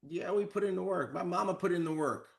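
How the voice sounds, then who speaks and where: A man's voice: sits high, a little fast, vocal fry. A man giving a motivational training talk, coaching his audience and acting out sample phone calls with lots of energy. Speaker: network marketing trainer.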